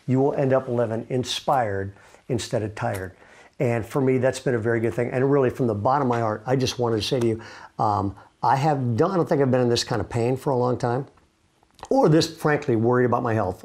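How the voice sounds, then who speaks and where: A man's voice: medium pitch, a little mellow. A middle-aged man, a pastor, giving an earnest, conversational devotional talk from his home while seated with his knee propped up, often restarting his sentences. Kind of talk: casual devotional talk to camera.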